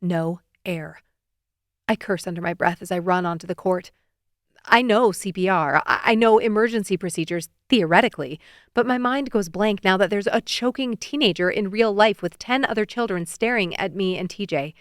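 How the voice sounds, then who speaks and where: A woman narrating a romance audiobook in the first person, expressive and giving feeling to the characters' lines. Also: medium pitch, normal speed, dry recording, studio quality.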